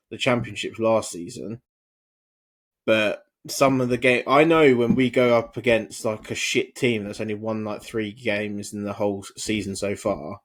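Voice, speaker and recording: A man co-hosting a podcast, bantering in laid-back, sweary slang. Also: fairly low pitch. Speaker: podcast co-host. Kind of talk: casual chat.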